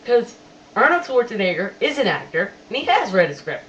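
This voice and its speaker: A casual webcam movie reviewer who talks chattily, keeps repeating that he has to admit things, and quotes lines with animated emphasis. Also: mid-range voice, moderate pace. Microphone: webcam microphone. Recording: distant dull webcam audio, faint hiss.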